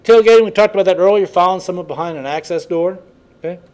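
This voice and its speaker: High-voiced folksy instructor. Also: male voice, fast talker, darkish tone, smooth. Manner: folksy, chatty storyteller. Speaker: college instructor. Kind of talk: classroom lecture with anecdotes. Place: classroom.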